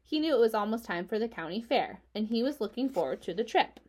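A woman reading a children's book aloud in a steady, even storybook manner. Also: fairly high pitch, fast.

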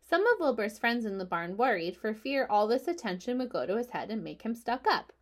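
A woman reading a children's book aloud in a steady, even storybook manner. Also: fairly high pitch, a little fast.

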